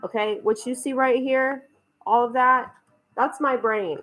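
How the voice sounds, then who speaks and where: A woman's voice: on the high side, steady tone, measured pace, a bit bright, rough recording. Rambling, swearing woman vlogging at home. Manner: rambling, swears freely, self-mocking; talks while walking around her home. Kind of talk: casual rambling vlog. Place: cluttered home.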